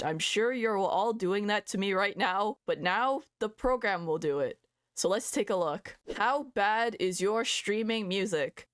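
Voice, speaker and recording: Chatty woman vlogger over soft music. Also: mid-range voice, no room sound. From Canada. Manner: chatty, self-deprecating, stumbles over foreign titles. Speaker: VTuber host. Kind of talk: casual chat reading out music stats.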